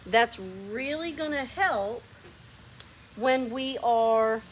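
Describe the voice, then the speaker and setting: A woman's voice: a little high, animated, drawn-out words, a little hiss or hum, poor audio. A woman with a lazy Southern drawl hosting a painting demo in a workshop, chatting and coaching a helper as she works. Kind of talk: hands-on demonstration.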